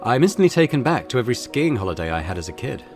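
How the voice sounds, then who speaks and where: A man casually commentating a video game, relaxed and self-deprecating. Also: mid-range voice, rapid-fire, soft background music. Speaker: gaming channel host. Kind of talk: casual let's-play commentary.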